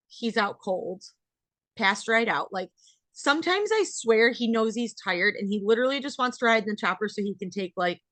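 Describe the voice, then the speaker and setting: A woman's voice: medium pitch, pushed and bright, dry recording. A young adult woman with an American accent, a dairy farmer hosting a casual interview podcast and talking in a rambling way full of fillers.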